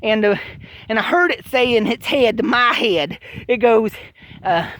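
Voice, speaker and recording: A man's voice: very high voice, normal speed, a bit bright. Stammering man telling a comic tale. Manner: stammering, rambling, mock-distressed. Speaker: comic storyteller. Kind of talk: comic monologue.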